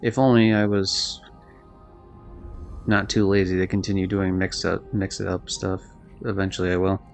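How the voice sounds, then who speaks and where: A man's voice: deep voice, flat delivery, moderate pace, creaky, soft background music. A man streaming a video game live, chatting loosely and rambling, swearing now and then. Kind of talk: casual live-stream chat while gaming.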